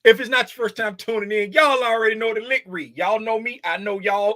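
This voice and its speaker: A man's voice: high voice, steady tone, brisk, bright, forceful tone, dry recording. A man in his fifties hosting a casual trading livestream, joking and slangy and laughing often. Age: 50s.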